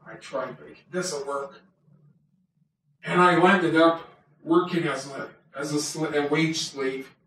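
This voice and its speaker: A man's voice: on the high side, fairly bright tone. A man voicing a chatty male toy wolf who tells his life story in a rambling, self-mocking way, as a homemade comic monologue. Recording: very echoey room, voice far from mic.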